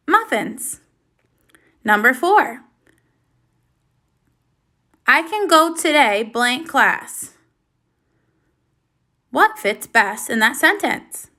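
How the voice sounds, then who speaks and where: Lively praise fills this recorded reading lesson, given by a high-voiced woman teacher to young children. She speaks slowly, clearly and encouragingly.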